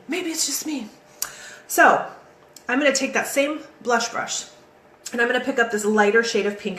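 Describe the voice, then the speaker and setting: A woman hosting a live makeup tutorial, chatty and energetic, talking straight to her viewers. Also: medium pitch, echoey room, slight background noise. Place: home, in California.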